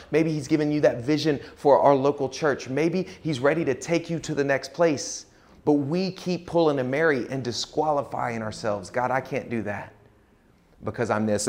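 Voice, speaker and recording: A male pastor preaching a sermon in a conversational way, acting out quoted voices with dramatic shifts. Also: mid-range voice.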